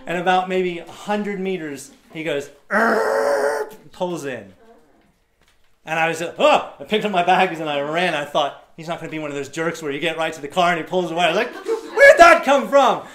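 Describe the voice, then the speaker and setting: A man's voice: on the high side, moderate pace, fairly bright tone. A man telling a personal story to a live audience, acting out the voices of others and laughing often. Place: event hall before a live audience.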